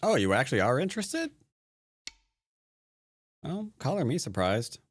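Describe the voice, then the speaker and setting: A man's voice: medium pitch, big pitch swings, unhurried, no echo, clean studio sound. A man who plays and teaches Go, giving casual live-stream commentary while he plays, rambling and joking to himself and often trailing off into mutters. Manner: joking, wry asides. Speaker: Go player and teacher streaming a game.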